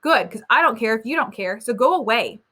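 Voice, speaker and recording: A woman's voice: a little high, lively intonation, fairly quick, bright, forceful tone. A woman reading aloud as a hot-tempered, proud schoolboy, snapping curt defensive replies. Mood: irritated.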